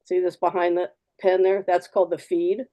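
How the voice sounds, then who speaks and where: A woman's voice: lowish voice, flat delivery, normal speed, warm tone. A woman artist giving a live fountain pen demo, chatty and practical, repeating key words for emphasis. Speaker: artist demonstrating fountain pens.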